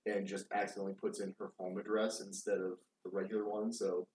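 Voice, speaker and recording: A young man, co-host of a casual podcast, telling animated work stories and swearing freely. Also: low-pitched, fast talker, recorded from a distance. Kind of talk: casual chat. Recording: roomy echo, off-mic, faint noise.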